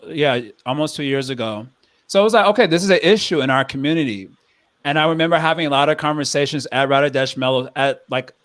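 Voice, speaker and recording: A young man hosting a casual podcast chat, talking in a thoughtful, rambling way with many restarts. His voice sits at a middle pitch. The sound is close and dry, with no room around it. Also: no room sound. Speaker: podcast host.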